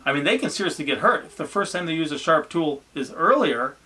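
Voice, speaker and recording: Dad telling family stories. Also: male voice, a little high, animated, a little fast, bright, forceful tone, slight background noise. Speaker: family vlogger. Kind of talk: casual chat.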